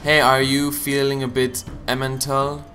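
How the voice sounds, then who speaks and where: A young man giving casual gaming commentary, joking, swearing and punning, with sudden loud outbursts. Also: medium pitch, monotone, unhurried, background noise. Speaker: let's play gamer. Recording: game music behind the voice. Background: game music.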